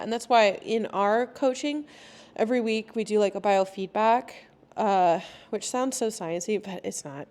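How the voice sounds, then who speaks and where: A young woman talks casually on her own podcast, chatty and quick to laugh. Her pitch is moderate and ordinary, and now and then she jumps higher to act out what someone else might say. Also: a little mellow. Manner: chatty, laughs often, acts out quoted lines in a higher voice. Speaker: podcast host. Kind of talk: casual solo podcast talk.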